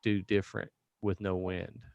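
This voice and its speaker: A man on a podcast tells an animated story and acts out each line of the dialogue. His voice is smooth and resonant, and it sounds close and dry with no room around it. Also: sits low, moderate pace, dry recording, muffled recording. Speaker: podcast guest. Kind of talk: casual storytelling chat.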